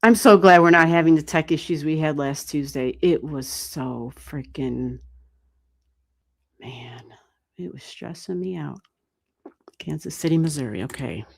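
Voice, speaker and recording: Low-voiced lady w/ a midwestern accent doing live astrology readings, chatty and animated, swears a bit, dead dry mic. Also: a little slow, vocal fry, long pauses, no room sound. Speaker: livestream astrology reader. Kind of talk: casual live-stream reading.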